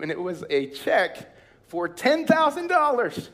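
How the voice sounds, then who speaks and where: A male pastor preaching at a church retreat, telling personal stories with acted-out voices and bursts of shouted praise. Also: extremely high pitch, very animated, unhurried.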